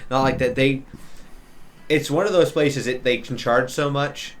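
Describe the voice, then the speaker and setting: A man's voice: medium pitch, steady tone, unhurried. A man narrating a tabletop game as dungeon master, loose and rambling. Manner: loose, rambling, many restarts.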